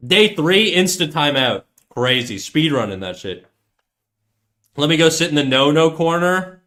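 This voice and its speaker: A man streams himself drawing and talks casually to his viewers the whole time. His voice is bright and forceful and sits a little high. He jokes around and plays stubborn when his chat argues with him. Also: very animated, measured pace. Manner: joking, mock-defiant banter with chat. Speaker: livestreamer drawing while chatting.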